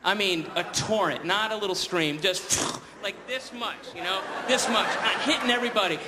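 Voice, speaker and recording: A man's voice: high voice, expressive, brisk, hardly any pauses. A man doing a stand-up comedy set on a live stage, rambling through a story full of fillers and restarts. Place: live theater stage before an audience. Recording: live show with loud crowd noise.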